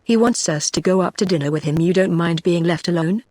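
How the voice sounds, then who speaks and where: A woman with a British English accent, read by text-to-speech, voicing a sharp-tongued, jealous young woman in an even synthetic delivery. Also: on the low side, fairly quick, no echo, clean studio sound, close to an everyday voice.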